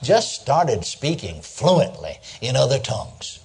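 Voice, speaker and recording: A man's voice: mid-range voice, big pitch swings, slow, darkish tone. An older man preaching a sermon, telling stories in a folksy way and chuckling as he goes. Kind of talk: sermon with storytelling.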